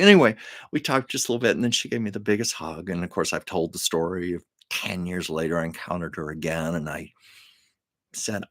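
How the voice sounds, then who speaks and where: Older man, live-stream host, earnest emotional storytelling, lowish voice, dry close sound. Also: normal speed, vocal fry, fairly bright tone, dry recording.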